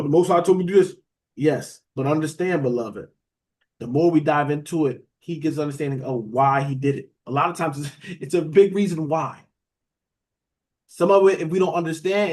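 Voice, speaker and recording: A man's voice: fairly high pitch, darkish tone. Man, slightly raised voice, preaching sermon, chatty, asks questions and waits for answers. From United States. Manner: conversational preaching, asks the room questions and says "beloved". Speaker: teacher preaching a Bible study.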